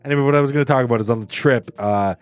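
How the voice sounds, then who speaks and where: A man's voice: medium pitch, rapid-fire, smooth, no echo, faint music behind. A man hosting a podcast, telling a story in a loose, swearing, laughing style. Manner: animated storyteller, swears freely, laughs often. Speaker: podcast host. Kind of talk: casual chat.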